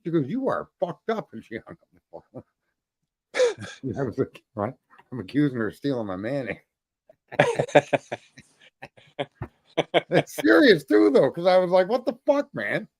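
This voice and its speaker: A man's voice: a little high, huge pitch swings, measured pace, gravelly, long pauses, darkish tone, husky, dry recording, studio quality. A man hosting a casual talk show, telling crude rambling anecdotes full of swearing and laughter. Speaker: host. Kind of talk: crude casual podcast storytelling.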